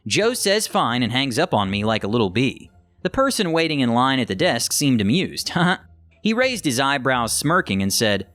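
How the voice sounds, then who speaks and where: Lively male story narrator. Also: mid-range voice, normal speed, faint music behind. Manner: animated, acts out the quoted lines in the story. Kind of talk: scripted narration of online stories.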